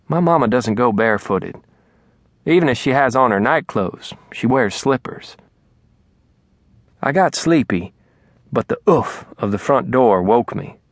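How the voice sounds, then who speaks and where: A man narrating an audiobook in a soft, even storytelling voice. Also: medium pitch, a little slow, long pauses, no room sound, studio quality. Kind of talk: scripted narration. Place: recording studio.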